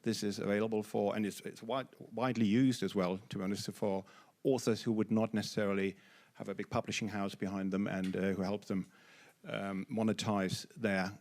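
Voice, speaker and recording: A man from an audiobook company answering a question on a panel in a measured, slightly hesitant way. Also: lowish voice, flat delivery, a little mellow.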